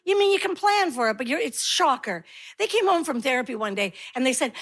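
A middle-aged woman doing a stand-up comedy set, telling animated stories and acting out her kids and herself in shrill voices. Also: fairly quick, slightly rough.

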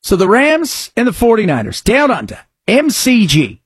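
A male radio host talks in a loose, rambling, joking way. His voice sits a bit high and sounds husky. The studio mic is close and dry. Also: huge pitch swings, normal speed, no room sound. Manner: chatty, rambling, jokey. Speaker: radio talk show host. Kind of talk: casual sports and news talk.

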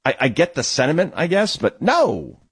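A man's voice: a little high, moderate pace, slightly rough, no echo. A man hosting a sports talk show, sarcastic and indignant as he tells stories and gives opinions. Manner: sarcastic, indignant, animated storytelling. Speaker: youth baseball coach and father.

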